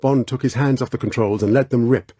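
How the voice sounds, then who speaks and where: A man reading an audiobook aloud as scripted narration in a measured, tense way. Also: mid-range voice, steady tone, mellow, breathy edge, dry recording. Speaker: audiobook reader.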